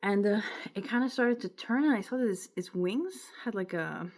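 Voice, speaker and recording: A woman's voice: mid-range voice, expressive, moderate pace. A young woman from Quebec with a Quebec French accent, telling a rambling, emotional personal story in a casual vlog. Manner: rambling, emotional, with filler words and self-interruptions. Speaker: vlogger.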